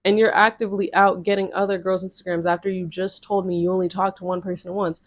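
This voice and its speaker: A woman's voice: lowish voice, flat delivery, fast talker, no echo. A young adult woman, blunt and sassy, telling a dating story casually to her viewers with slang and strong reactions. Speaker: storytime vlogger.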